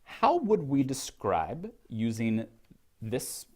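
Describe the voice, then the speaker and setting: A man's voice: mid-range voice, wildly swooping pitch. A man giving a classroom lecture on poetry, questioning his students, with frequent ums and restarts. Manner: reads verse slowly with heavy stress. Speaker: literature lecturer.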